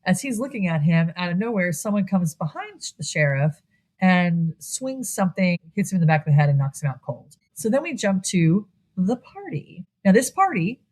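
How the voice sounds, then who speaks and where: Lively woman retelling a movie plot. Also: on the low side. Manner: animated retelling, acting out lines in quick voices, laughs often. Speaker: podcast co-host. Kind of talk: casual movie recap chat.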